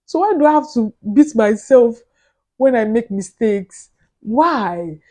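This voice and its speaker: A woman vlogger giving casual motivational talk straight to the camera, earnest and animated, laughing between points and repeating words as she thinks. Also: fairly high pitch, slow.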